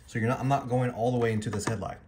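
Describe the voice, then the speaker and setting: This is a man of ordinary pitch giving a casual, rambling walkthrough of a motorcycle install. He chats to the viewers like friends and pokes fun at his own methods. There is a faint hum of room ambience behind him. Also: fairly even intonation, very fast, a little mellow. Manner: loose, rambling, self-deprecating, addresses viewers as guys. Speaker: motorcycle vlogger.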